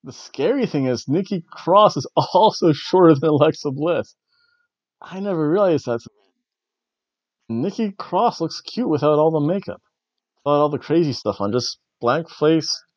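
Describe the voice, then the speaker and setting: A man's voice: a little high, expressive, unhurried, no room sound, highs cut off. A man hosting a podcast, giving a casual, rambling recap of a wrestling show and chuckling often. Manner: rambling, chuckling, slightly awkward. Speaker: podcast host.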